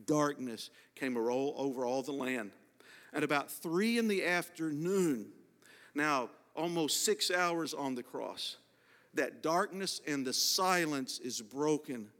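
A pastor delivers a sermon with an earnest, deliberate manner. His voice sits a little higher than most men's, and he draws out the words he wants to land. The sound rings with the long reverb of a large hall. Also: a bit bright. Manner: earnest preaching, slows and stresses key words.

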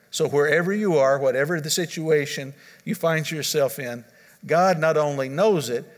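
A man's voice: fairly high pitch, in a large hall. A man preaching a sermon as pastor, earnest, repeating his key points and restarting phrases as he goes.

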